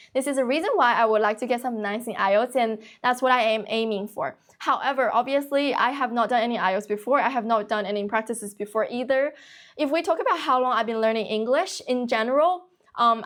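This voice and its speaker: Teen girl livestream host, talks fast w/ hardly any breaks, slightly high voice. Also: a bit bright. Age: young adult. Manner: fast, continuous talk with few pauses. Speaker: livestream host teaching English. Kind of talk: casual livestream chat.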